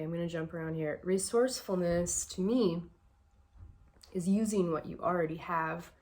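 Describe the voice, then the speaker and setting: A woman's voice: fairly low pitch, warm tone. A woman vlogger giving casual personal advice, reflective and a bit emotional, with a shaky voice and many fillers.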